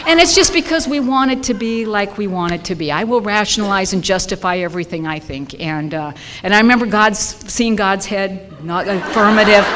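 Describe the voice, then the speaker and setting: A woman in her fifties from Southern California, sharing a wry, lively personal story with a support group meeting. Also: medium pitch. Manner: lively, wry, acts out her own reactions. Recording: long hall reverb, faint noise.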